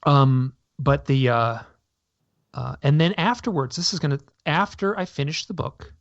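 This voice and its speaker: A man speaking with a gravelly, creaky voice, telling his story at length and often breaking off mid-sentence to restart. The audio is dry and slightly dull, like a lo-fi radio broadcast. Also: on the high side, normal speed, no echo. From North America. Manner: rambling, self-interrupting, animated storytelling. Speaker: guest. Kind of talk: conversational interview storytelling.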